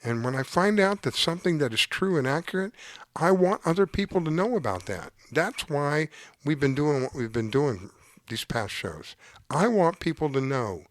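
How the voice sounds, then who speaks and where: A man's voice: fairly high pitch, sing-song, moderate pace, dry recording. A man hosting a show, delivering earnest, preachy political commentary from his desk at home. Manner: earnest, preachy, emotionally worked up. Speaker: show host. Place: home desk with dog underneath.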